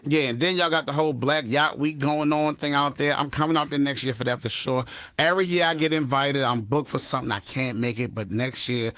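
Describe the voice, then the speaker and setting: A man's voice: medium pitch, fairly quick, fairly bright tone, no room sound. Laid-back man hosting, dry sound. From DMV area, USA. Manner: laid-back, curious, joking. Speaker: interview host. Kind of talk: casual interview chat.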